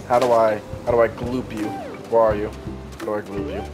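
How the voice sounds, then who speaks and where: A man's voice: lowish voice, flat delivery, fairly quick, over music. A man hosting a casual gameplay video, reacting sarcastically and swearing freely. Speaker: gaming channel host. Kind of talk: casual let's-play commentary.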